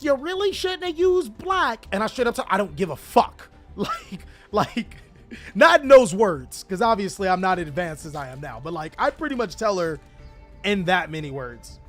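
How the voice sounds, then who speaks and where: A young man hosting his channel, telling a story casually to his chat, animated, laughing often and swearing freely. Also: sits high. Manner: animated, laughing, profane, chatty. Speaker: channel host.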